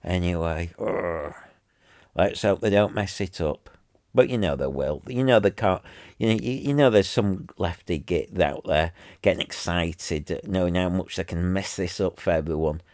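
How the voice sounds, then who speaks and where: A man's voice: sits low, moderate pace, a little mellow, no echo, studio quality. A man ranting angrily to his viewers, repeating himself and sounding exasperated. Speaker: vlogger. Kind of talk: angry rant to camera.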